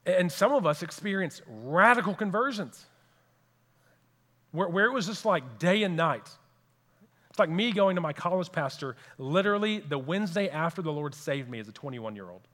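A man's voice: on the high side, animated, moderate pace, fairly bright tone, long reverb tail. A man preaching a sermon as pastor, earnest and repeating key phrases for emphasis.

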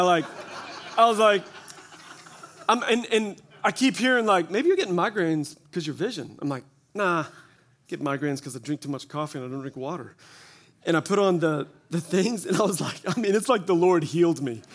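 A man's voice: fairly high pitch, expressive, brisk, a bit bright. A man in his forties giving a humorous, self-deprecating testimony talk at a church gathering, telling stories with quoted asides. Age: 40s. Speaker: church speaker. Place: church gathering before an audience.

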